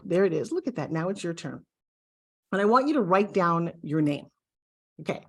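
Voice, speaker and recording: A woman's voice: medium pitch, a little mellow. A middle-aged woman teaching a video course, speaking in an upbeat coaching style straight to the viewer. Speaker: course instructor.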